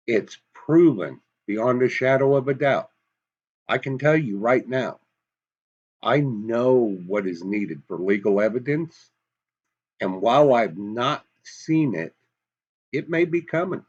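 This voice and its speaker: A man's voice: medium pitch, dull audio. A man with a Massachusetts accent giving an emphatic, folksy opinion monologue, full of rhetorical questions. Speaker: commentary vlogger.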